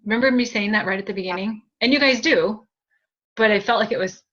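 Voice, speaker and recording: A woman's voice: medium pitch, fast talker, fairly bright tone, lo-fi sound. A woman giving a spiritual group reading as a medium, chatty and giggly, with many fillers and thanks.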